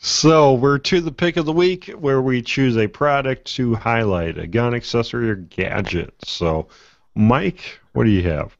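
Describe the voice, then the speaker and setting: A man hosting a podcast, talking casually and haltingly with many fillers. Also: medium pitch, creaky, dry recording. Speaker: podcast host. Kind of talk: casual chat, show segments. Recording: dull lo-fi podcast audio.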